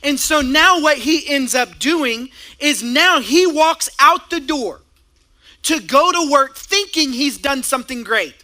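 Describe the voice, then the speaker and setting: A man preaching a sermon, acting out everyday marriage stories with lively voices for both partners. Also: very high-pitched, a little slow. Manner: animated, acts out both sides of a couple's quarrel, laughs along. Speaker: pastor.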